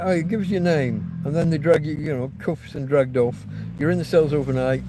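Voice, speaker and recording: A man's voice: on the high side, brisk, noisy background. A man hosting a rambling livestream chat, ranting and swearing freely. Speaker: livestream host.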